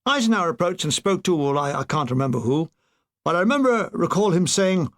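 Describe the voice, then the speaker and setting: A man's voice: on the high side, lively intonation, brisk. An older man reading his own war memoir aloud, with dry comic timing. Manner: dry comic delivery with brief put-on voices. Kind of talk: audiobook narration.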